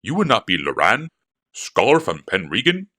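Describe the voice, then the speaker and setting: A man voicing a gruff bearded scholar with a low, rumbling voice and a pitch that rises and falls wildly. His speech is blunt and clipped and hearty. The performance has an audiobook storytelling feel. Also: wildly swooping pitch, moderate pace, sharp tone, heavily acted. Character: gruff, bearded, lame older male scholar.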